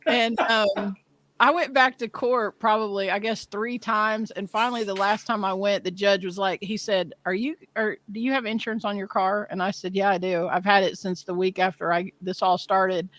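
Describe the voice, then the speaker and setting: A woman in her fifties telling a story in casual chat, animated and self-deprecating, often laughing. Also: mid-range voice, moderate pace. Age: 50s.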